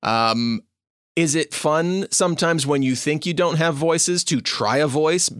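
A man co-hosting a podcast, chatting casually about tabletop games in an easygoing, halting way. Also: on the high side, expressive, a bit bright, no echo, studio quality. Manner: easygoing, halting, many fillers. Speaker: podcast co-host. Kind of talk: casual chat.

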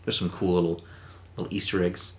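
A man with a fairly low voice trades crude jokes and swear words in loose podcast banter. The room echoes around him. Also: flat delivery, brisk, a little hiss or hum. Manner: crude, joking, swears often. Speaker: podcast co-host. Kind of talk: casual banter among friends.

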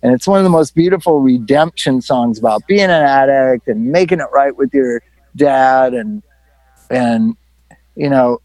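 A man hosting a relaxed conversation, reflective and anecdotal. His pitch is in the ordinary middle range for a man. The recording is dry and close-miked. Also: moderate pace, dry recording. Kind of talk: casual conversation.

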